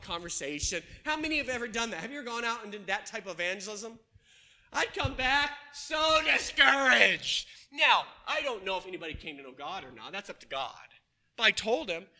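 A man preaching a sermon to his congregation, telling stories in an animated way and asking them questions. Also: very high-pitched. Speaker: pastor. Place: church.

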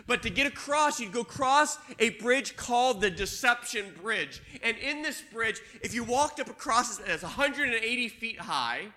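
An older man preaching a sermon, swinging between loud emphatic lines and hushed ones. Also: high voice. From Washington State. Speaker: pastor.

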